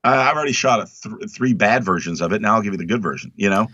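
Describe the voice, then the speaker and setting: A man talking as a guest in a casual interview, emphatic and animated, acting out quotes in other voices. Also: lowish voice, rapid-fire, slightly rough, no room sound. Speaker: actor guest. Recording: dull lo-fi dry sound.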